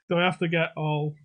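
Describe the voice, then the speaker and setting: Speaking on the high side, a young man reads viewer comments into a desk microphone while hosting a pub quiz livestream from his home. He's jokey and sweary, the sound is lo-fi, and the talk is casual banter.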